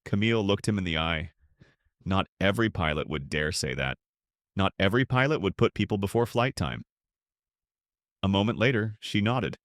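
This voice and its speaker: Low-voiced male story narrator. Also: animated, normal speed, long pauses, no room sound, studio quality.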